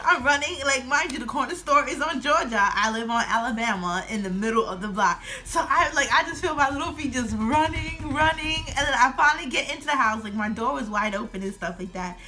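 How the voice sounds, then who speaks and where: A woman's voice: high-pitched, animated, brisk, bright, forceful tone. A woman in her twenties telling a storytime vlog at home, laughing often as she talks. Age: 20s. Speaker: vlogger.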